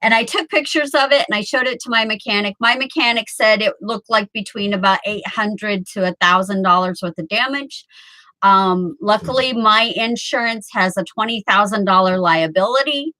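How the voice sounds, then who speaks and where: A woman's voice: mid-range voice, moderate pace, pushed and bright, poor audio. A woman in her early fifties chatting casually with viewers from home on a webcam, rambling and laughing often. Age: 50s. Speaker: live streamer chatting with viewers. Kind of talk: casual chat.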